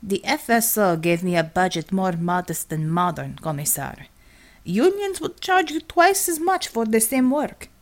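A woman's voice: mid-range voice, big pitch swings, measured pace. A woman voicing a harried male building liaison who talks in a defensive, matter-of-fact way. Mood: annoyed.

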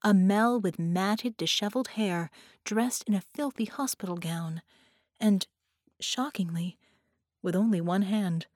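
A woman narrating an audiobook in a clear, measured storytelling manner. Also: mid-range voice, darkish tone, no echo, clean studio sound.

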